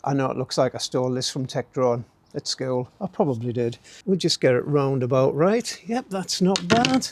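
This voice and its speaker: A medium-pitched, middle-aged DIY host narrates at a moderate pace with hardly any pauses, working on a build in a garden workspace outside as light rain falls. He keeps it chatty and jokey, leaning on tag questions like "eh?" and "don't you?", with slight background noise behind him.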